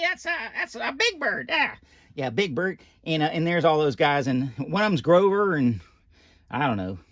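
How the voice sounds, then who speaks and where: A man's voice: a little high, fairly bright tone, dry recording, studio quality. Een praatgrage oude animatronic-pop, gespeeld door een man, leest een prentenboek voor en dwaalt steeds af met volkse opmerkingen. De stem is hoog en springt levendig op en neer. Droog en dichtbij opgenomen. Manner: folksy, rambling asides, loose grammar. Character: folksy old male animatronic doll storyteller. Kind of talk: reading a children's picture book aloud.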